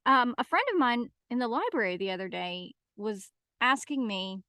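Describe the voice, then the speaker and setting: A woman's voice: on the high side, animated, moderate pace, pushed and bright, dry recording. A woman co-hosting a podcast interview, enthusiastic and eager in casual chat. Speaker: podcast co-host.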